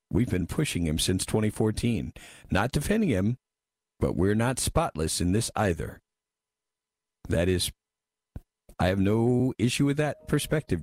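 A man's voice: sits low, a little mellow, no echo. A man hosting a talk radio show, reading listener messages and giving wry, emphatic commentary into a studio microphone.

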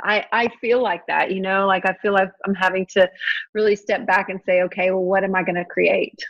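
A woman's voice: mid-range voice, fairly even intonation, fairly quick, lo-fi sound. A woman hosting a podcast, chatting casually and effusively, with lots of fillers and frequent laughter. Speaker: podcast host.

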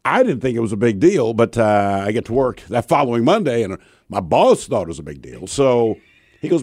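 A man's voice: mid-range voice, fairly quick, husky, dry recording, clean studio sound. A man co-hosting a podcast, telling rowdy road stories in casual chat and swearing freely. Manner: animated, swears freely, acts out quotes. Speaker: podcast co-host.

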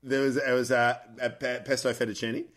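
A man's voice: medium pitch, flat delivery, fairly quick, a bit bright. A man, chatting casually on a podcast and reacting with laughs. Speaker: podcast co-host. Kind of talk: casual chat.

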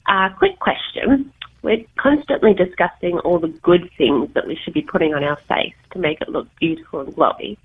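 Woman caller on a tinny phone line, low-ish husky voice, friendly and a bit hesitant. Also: expressive, normal speed. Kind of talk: voicemail message.

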